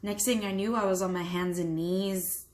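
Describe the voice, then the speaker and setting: A woman's voice: medium pitch, fairly even intonation, normal speed, darkish tone, low-quality recording. Candid young woman telling her story. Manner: candid, swears freely, nervous laughs. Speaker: vlogger. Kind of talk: personal storytelling to camera.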